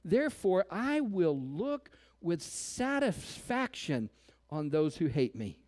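High-voiced preaching man, hushed to loud. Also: very animated, takes it slowly. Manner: preaches with sudden drops to near-whispers and rising calls; rhetorical questions to the congregation. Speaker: pastor. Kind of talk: sermon. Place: church.

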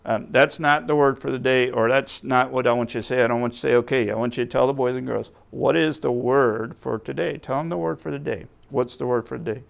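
Kids' church leader, male, patient and coaxing, slightly gravelly voice. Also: mid-range voice, quick pace, hardly any pauses. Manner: patient, coaxing, talks to a puppet. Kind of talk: puppet skit for children.

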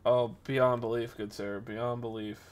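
A man's voice: mid-range voice, unhurried. A young man hosting a casual stream podcast, telling a story and acting out the people in it. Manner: animated, acts out quoted people.

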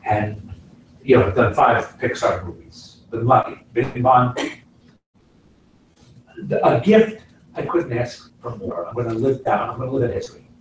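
A man's voice: mid-range voice, measured pace, long pauses, far from the mic, a little hiss or hum. Middle-aged man lecturing in an echoey room. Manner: animated, demonstrative, swings between loud and soft to illustrate points. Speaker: guest actor speaking to a class. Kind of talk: casual lecture. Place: classroom.

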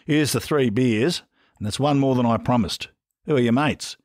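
A man's voice: mid-range voice, moderate pace, darkish tone, no echo, clean studio sound, pitched above the performer's own voice, close to an everyday voice. Man doing a scolding Aussie publican. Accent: Australian. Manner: scolding, blokey. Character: gruff Australian pub owner, middle-aged man.

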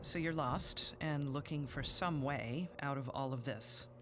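An actor voicing a calm interviewer in a game who asks measured, pointed questions. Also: male voice, medium pitch, slight background noise, close to an everyday voice. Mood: probing. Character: calm male inquiry interviewer, probing. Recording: game audio with music underneath.

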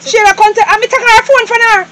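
A woman's voice: very high-pitched, steady tone, quick pace, background noise. A woman with a Jamaican accent playing a stern mother who scolds and lectures her daughter. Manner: firm, scolding, then coaxing.

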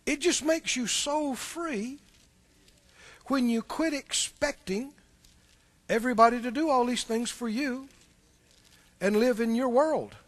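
A middle-aged man preaching a sermon as pastor, swinging between loud outbursts and soft asides, chuckling between points. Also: extremely high pitch, takes it slowly, pauses often.

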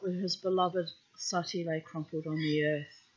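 A woman storyteller reading a myth aloud outdoors in a calm, unhurried way. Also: low-pitched, slightly rough. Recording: dull lo-fi recording.

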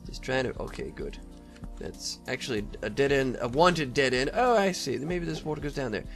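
A man's voice: medium pitch, lively intonation, normal speed, soft background music. A man giving casual, rambling commentary over his own gameplay, talking to the monsters and often laughing. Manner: rambling, talks to mobs, frequent laughs and throat clearing. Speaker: Let's Play gamer.

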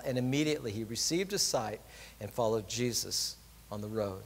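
A middle-aged pastor preaching a conversational, earnest sermon in a church. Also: male voice, lowish voice, moderate pace, big-room sound. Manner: earnest, conversational, drops soft when pleading.

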